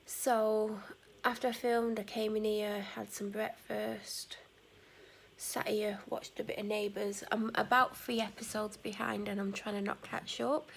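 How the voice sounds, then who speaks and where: Woman, vlogger, weary chatty ramble with a gravelly edge. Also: mid-range voice, slight background noise. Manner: meandering, self-correcting, drops to near-whispers at times. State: tired. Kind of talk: casual rambling vlog chat.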